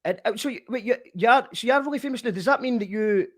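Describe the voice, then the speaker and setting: A man hosting a casual chat, reading out viewer comments and giving shout-outs in an easygoing way. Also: very high voice, fast talker, no echo, studio quality. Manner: easygoing, gives shout-outs, repeats words while thinking. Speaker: host.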